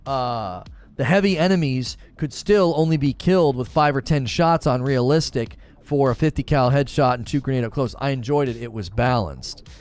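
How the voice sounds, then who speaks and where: A man's voice: mid-range voice, normal speed, darkish tone. A man hosting a live gaming stream, reading chat messages and arguing his views with rhetorical questions. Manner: opinionated, explains with rhetorical questions.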